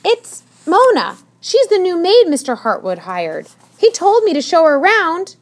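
A woman voicing a bossy, snappish young female maid in a storybook, with a sharp, scolding manner. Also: fairly low pitch, very animated, slow pace, heavily acted. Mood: pleading.

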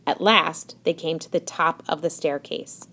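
A woman narrating a children's storybook in a gentle storytelling manner. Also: deep voice, fairly even intonation, a little slow. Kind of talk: scripted narration.

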